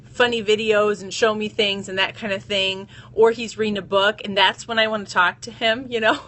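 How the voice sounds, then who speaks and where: Bright, chatty woman streaming live. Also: fairly high pitch. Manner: chatty, greets viewers by name, laughs often. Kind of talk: casual live stream chat. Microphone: phone.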